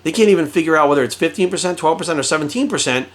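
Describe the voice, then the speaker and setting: A man's voice: fairly high pitch, animated, rapid-fire. A middle-aged man and fitness coach ranting bluntly to camera, swearing constantly and acting out quoted exchanges as he tells a story. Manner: blunt, heavily profane, storytelling with quoted voices. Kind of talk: profane direct-to-camera rant.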